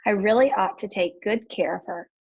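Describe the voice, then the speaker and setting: A chatty, fond mother from a storybook, read by a woman. Her voice is husky with a gravelly touch, on a dull lo-fi recording. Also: medium pitch, moderate pace. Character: warm relieved mother.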